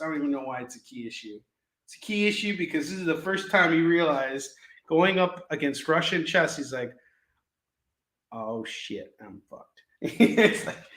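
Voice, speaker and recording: A man's voice: fairly high pitch, sharp tone. A man in his forties hosting a live shopping show, selling comics with jokey sales patter, goofy asides and frequent laughs. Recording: echoey room.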